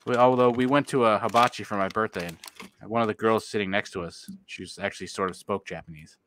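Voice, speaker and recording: Excitable, swearing man in casual chat. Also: lowish voice, fast, a little hiss or hum. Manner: loud, excitable, laughing, swears often. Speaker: podcast co-host.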